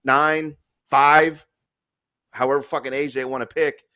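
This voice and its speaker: A man's voice: medium pitch, flat delivery, a little slow, sharp tone, smooth. Blunt, profane male stream host. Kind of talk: opinionated casual talk.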